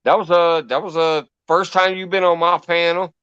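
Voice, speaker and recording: A man with a somewhat high voice hosts a casual panel, swearing freely and hyping up his guests. The audio is dry and slightly muffled. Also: level tone, moderate pace, a bit bright, clean tone, no echo. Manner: profane, enthusiastic, calls people brother. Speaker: panel host. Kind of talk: casual chat.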